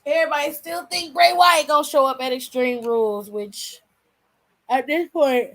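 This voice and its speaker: A woman's voice: high-pitched, moderate pace, fairly bright tone, rough recording. Tired, chatty woman live-streaming. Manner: chatty, slangy, addresses viewers as y'all. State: tired, yawning. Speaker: wrestling channel host. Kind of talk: casual live-stream chat.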